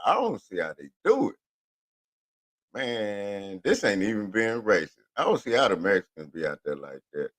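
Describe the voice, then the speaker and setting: A man from Houston, hosting a radio show in a profane, rambling monologue rant. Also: medium pitch. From Houston, Texas. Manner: profane, animated, rambling with drawn-out words.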